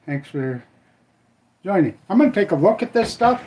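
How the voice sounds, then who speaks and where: A rambling older man from Minnesota hosts a casual live stream. His voice sits a little high for a man, and he keeps trailing off with a shrug of uncertainty while he cooks. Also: sing-song, brisk, darkish tone, a little hiss or hum. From Minnesota, USA. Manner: rambling, folksy, trailing off with "I don't know"; cooking while he talks. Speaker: livestream host.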